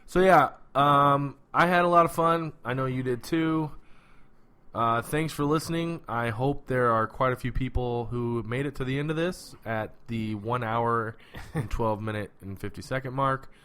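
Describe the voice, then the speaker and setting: A man's voice: mid-range voice, normal speed, pushed and bright, clean tone. Profane laid-back male podcast co-host. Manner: loose, profane, laughing banter. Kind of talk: casual TV recap chat.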